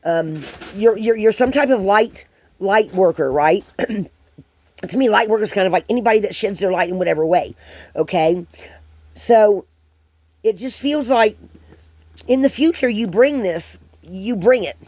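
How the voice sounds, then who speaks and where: A woman giving a channeled spiritual card reading to viewers, hesitant and rambling with many pauses and restarts. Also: mid-range voice, lively intonation, darkish tone, no room sound.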